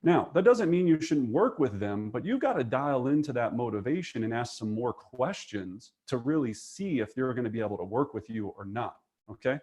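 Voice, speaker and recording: A man's voice: medium pitch, normal speed. Emphatic man coaching real estate agents. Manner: emphatic, energetic, frequent "okay?" and "right?" check-ins. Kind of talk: coaching lesson.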